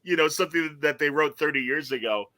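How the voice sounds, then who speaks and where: A man hosting a podcast in casual chat, animated and laughing as he acts out quoted lines and reads comments aloud. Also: on the high side, fast talker, no room sound. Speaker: podcast host.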